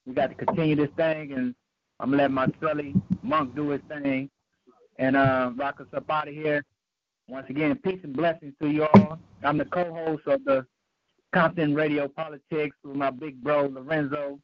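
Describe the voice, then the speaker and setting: A man co-hosting a talk radio show, signing off in a halting way with many fillers. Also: on the high side, steady tone, no echo. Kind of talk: casual sign-off. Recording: dry, dull lo-fi line.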